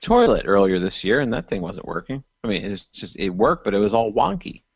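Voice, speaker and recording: A man chats with his co-hosts and drops in wry comments. His voice is gravelly and swings widely in pitch. The sound is very dry and a little dull. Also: big pitch swings, a little fast, no echo. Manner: wry asides and quips. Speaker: podcast co-host. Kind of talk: casual chat.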